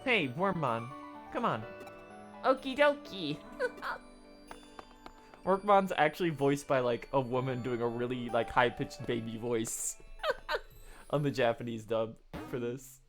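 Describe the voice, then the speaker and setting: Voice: mid-range voice, takes it slowly, pauses often, fairly bright tone, soft background music. Streamer voicing every game character. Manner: reads every character's lines and breaks off for laughing asides. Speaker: streamer reading a game's dialogue aloud. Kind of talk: live-streamed video game playthrough.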